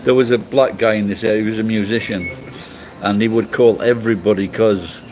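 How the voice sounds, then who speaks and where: A man's voice: fairly low pitch, fairly even intonation, fairly quick, darkish tone, a little hiss or hum, poor audio. A middle-aged man from England chatting casually on a livestream, rambling and swearing bluntly as he answers comments. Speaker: livestream host.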